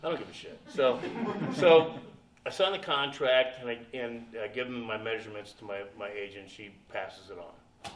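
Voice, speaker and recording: A man's voice: mid-range voice, moderate pace, crowd noise. A man in his sixties, a guest at a convention panel, telling a profane, laughing anecdote and acting out the people in it. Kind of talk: anecdotal storytelling to an audience. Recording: echoey room from a distance.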